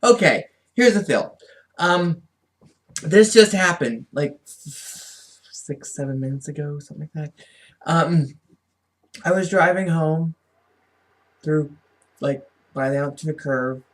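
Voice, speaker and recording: A man's voice: fairly high pitch, slow, long pauses, fairly bright tone, far from the mic. This is a man chatting to his camera in a loose, rambling way. He keeps restarting his sentences and wandering off into asides. He sounds amused by his own story. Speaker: vlogger telling a story.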